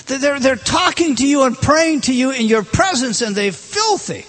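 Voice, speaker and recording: A man's voice: very high voice, lively intonation, moderate pace, few pauses, a bit bright, slightly rough. A man preaching a sermon, talking straight to his congregation with frequent questions and emphatic rises and drops. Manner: rising and dropping emphatically, direct questions to the congregation.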